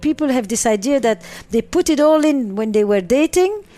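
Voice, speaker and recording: A woman's voice: high voice, lively intonation, normal speed, mellow, dry recording, faint music behind. A middle-aged woman speaks as a psychotherapist in an interview. Her delivery is emphatic, and she often repeats a phrase to drive it home. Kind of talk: interview answers.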